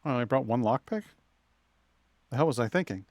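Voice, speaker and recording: A man's voice: mid-range voice, animated, brisk, darkish tone. A man from Massachusetts with an Upstate New York accent, chatting casually with viewers while streaming a game, rambling and self-deprecating. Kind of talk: casual live-stream gaming chat.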